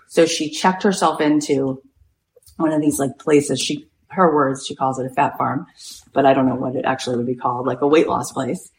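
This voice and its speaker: Low-voiced woman telling a lively story. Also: normal speed, slight background noise, rough recording. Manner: lively, retells events with acted-out quotes; chatty, many "like" fillers. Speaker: podcast host and coach. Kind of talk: animated storytelling.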